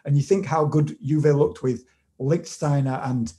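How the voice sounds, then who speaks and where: A man co-hosting a casual podcast, speaking over a video call in a knowledgeable, measured way with frequent restarts. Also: on the high side, mellow. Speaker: podcast co-host and football analyst. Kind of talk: casual chat, detailed analysis.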